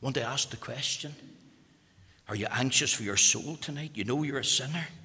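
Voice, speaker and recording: A Northern Irish man preaching a sermon, impassioned and moving from loud urgency to hushed intensity. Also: mid-range voice, normal speed, slightly rough, long reverb tail.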